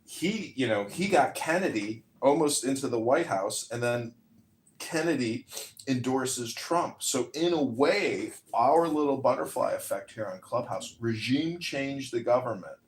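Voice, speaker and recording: A man's voice: medium pitch, lively intonation, measured pace, roomy sound. A man talking boastfully and at length in a casual audio chat room. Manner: boastful, rambling.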